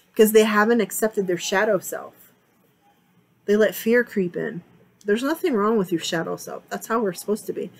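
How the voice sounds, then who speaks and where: A woman's voice: medium pitch, poor audio. Chatty woman giving a tarot reading. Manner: chatty, rambling, repeats herself. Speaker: tarot reader. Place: home, sitting on a couch area with a fan on.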